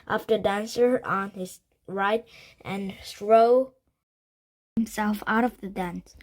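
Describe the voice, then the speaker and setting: A woman reading a children's chapter book aloud, slowly and carefully, with slips she corrects. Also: medium pitch, darkish tone.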